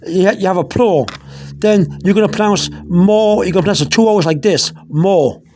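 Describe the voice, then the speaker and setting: High-voiced man teaching pronunciation. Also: a little fast, darkish tone. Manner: repetitive, patient, restarts often. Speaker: Spanish teacher. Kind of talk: informal pronunciation lesson. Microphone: phone held in one hand.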